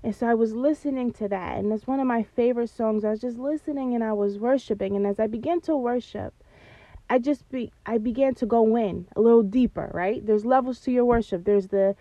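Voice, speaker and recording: Casting: woman host, earnest and preacherly, higher voice, dry dull mic sound. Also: brisk, warm tone, no room sound. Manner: earnest, preacherly, addresses listeners as y'all. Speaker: podcast host. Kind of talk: faith-based podcast talk.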